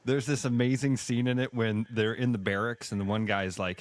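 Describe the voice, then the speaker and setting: A man's voice: mid-range voice, brisk, hardly any pauses. A man co-hosting a radio show, chatting casually and joking by acting out scenes from a movie. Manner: lively, jokes and acts out movie scenes. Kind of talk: casual chat.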